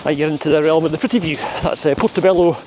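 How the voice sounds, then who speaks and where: A man's voice: a little high, very fast. A chatty, wry man from Edinburgh with a Scottish accent, filming a casual vlog outdoors in a city park. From Edinburgh, Scotland. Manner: chatty, wry, self-deprecating. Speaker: running vlogger. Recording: outdoor crowd noise behind. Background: crowd of runners.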